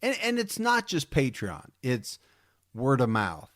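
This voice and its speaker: Speaking slowly but eagerly, a podcast co-host rambles through a relaxed chat, looping back, repeating himself, and starting sentences over. His mid-range voice has huge pitch swings and a fairly bright tone, recorded close and dry without echo.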